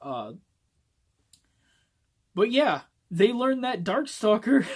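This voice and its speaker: A man giving a casual video book review on his phone, rambling and swearing often as he gets excited. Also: high voice, extremely slow, pauses often, husky.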